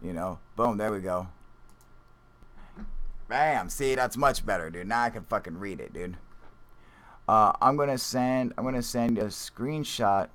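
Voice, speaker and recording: Swearing, laughing man with a low voice. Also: expressive, unhurried, pauses often, fairly bright tone. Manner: profane, rambling, laughs often. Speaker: live stream host. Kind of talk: casual live stream chat reading viewer comments.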